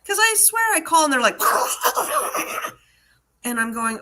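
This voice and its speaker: An American woman hosting a live online-selling Q&A in casual, animated chat, laughing often. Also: medium pitch, moderate pace.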